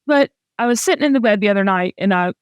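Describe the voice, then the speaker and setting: A woman's voice: mid-range voice, animated, fast, clean tone, dry recording, lo-fi sound. Southern lady podcast host, chatty and emotional, dry close sound. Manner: emotional, candid, chatty storytelling. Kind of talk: personal casual chat.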